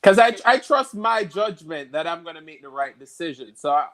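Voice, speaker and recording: A man from Jamaica with a Jamaican accent, telling stories in a relaxed interview chat and laughing easily. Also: fairly high pitch, moderate pace. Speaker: guest.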